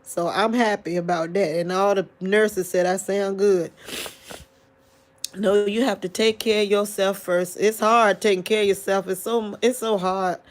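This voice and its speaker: A woman in a late-night livestream talking to her viewers, grieving and tearful, halting often with restarts. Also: mid-range voice, fairly even intonation. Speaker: livestream vlogger.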